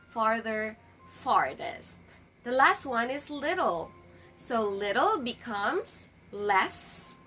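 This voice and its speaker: A woman's voice: on the high side, pushed and bright. A woman teaching an English grammar lesson, patiently stressing each example word.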